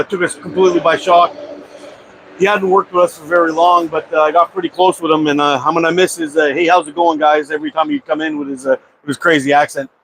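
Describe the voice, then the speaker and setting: A man's voice: on the high side, a bit bright, slight background noise. A man hosting a casual live-stream chat about slingshots, talking in a laid-back, rambling way with lots of "uh" fillers. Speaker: slingshot channel host. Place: at home.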